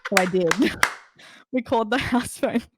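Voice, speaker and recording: A woman's voice: on the high side, normal speed, fairly bright tone, slightly rough, no echo. A young Australian woman in her twenties, a guest chatting casually and laughing often between stories. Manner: giggly, chatty, trailing restarts. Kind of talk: casual interview chat.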